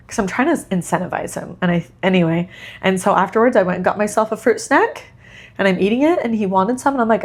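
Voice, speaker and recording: A woman's voice: medium pitch, quick pace, slightly rough. A mother co-hosting a podcast, telling stories in casual chat with lots of laughter. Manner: animated storyteller who laughs often.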